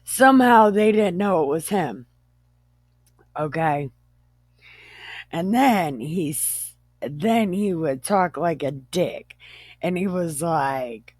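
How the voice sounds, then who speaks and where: A woman's voice: on the low side, lively intonation, slow pace, long pauses, no echo. A woman host retelling a Bible story casually, irreverent and profane, often joking.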